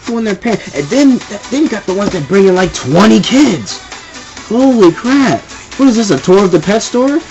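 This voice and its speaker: A man's voice: high-pitched, sing-song, moderate pace, darkish tone, dull audio, soft background music. A young man ranting casually and with exasperation, rambling and repeating himself. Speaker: vlogger ranting. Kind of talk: casual rant to camera.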